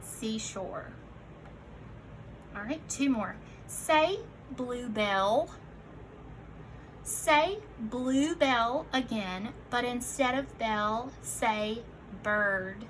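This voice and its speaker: A young woman teacher leading a recorded phonics lesson for children, giving slow, clearly enunciated prompts and calling her listeners friends. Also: a little high, fairly bright tone, slight background noise, rough recording. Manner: encouraging, addresses listeners as friends.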